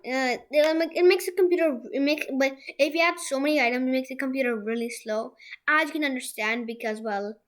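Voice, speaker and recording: A young woman hosting a software tutorial from a room at home, talking it through in a rambling way with many restarts. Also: high voice. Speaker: tutorial host. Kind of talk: screen-share software tutorial.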